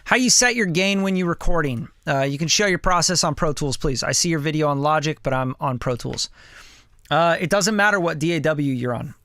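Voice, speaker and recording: In his home recording studio, a man with a slightly high, slightly fast, somewhat bright voice hosts a casual hands-on lesson. The studio engineer talks loosely as he runs mic checks on his vocal chain, a studio vocal mic fed through a preamp and compressor, with no room sound audible.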